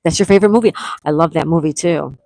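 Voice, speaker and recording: A woman's voice: low-pitched, quick pace, vocal fry, mellow, dry recording, rough recording. A middle-aged woman from Florida hosting a casual livestream, chatting and reading viewers' comments aloud, greeting each by name. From Florida, USA. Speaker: livestream host.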